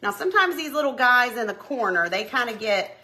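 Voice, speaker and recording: A woman's voice: fairly high pitch, very animated, a little fast, pushed and bright. A young woman, chatting bubbly and friendly with viewers while cooking live in her home kitchen. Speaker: home cooking livestream host. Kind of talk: casual live cooking chat.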